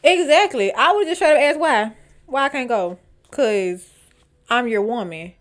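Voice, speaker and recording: A woman hosting a storytime vlog. She reads online posts aloud and reacts to them in an animated, dramatic, slangy way. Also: fairly high pitch, measured pace. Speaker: storytime vlogger.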